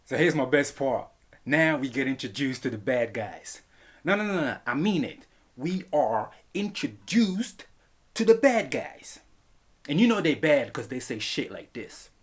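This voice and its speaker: A man reviewing a film in a comedic vlog, animated and profane, laughing often. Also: medium pitch, normal speed, husky.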